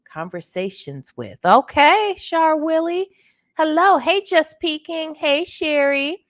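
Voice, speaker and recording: A slightly hoarse woman hosting a casual late-night livestream, chatty and greeting viewers by name, calling them honey. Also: high voice, big pitch swings, slow. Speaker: livestream host.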